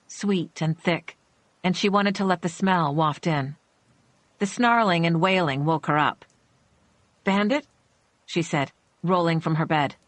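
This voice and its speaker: Low-voiced woman narrating a thriller. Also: a bit bright, no room sound. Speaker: audiobook narrator.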